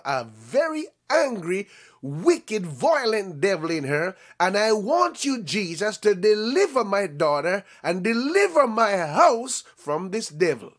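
A man's voice: sits high, pitched below the performer's own voice, exaggerated voice. A man preaching as he voices a desperate mother who begs for her daughter, in a pleading, insistent, repeating way.

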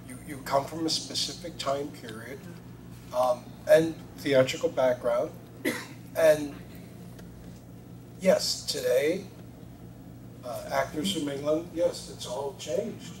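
A man's voice: a little high, slow pace, pauses often. A man making a hesitant, thoughtful comment on a panel, stopping often to search for words. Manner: hesitant, thoughtful, many fillers. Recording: distant echoey mic with noise.

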